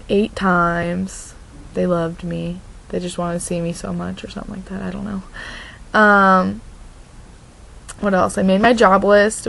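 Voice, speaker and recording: A young adult vlogger from Oregon, USA, chats casually in a creaky, mid-range voice, and the audio quality is poor. She rambles, restarts her sentences and says "like" in nearly every line.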